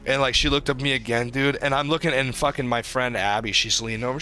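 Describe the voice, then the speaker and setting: Bright-voiced young man, rambling storyteller. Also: mid-range voice, fast, hardly any pauses, faint music behind. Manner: rambling, animated storytelling with profanity. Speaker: podcast co-host. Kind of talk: casual chat.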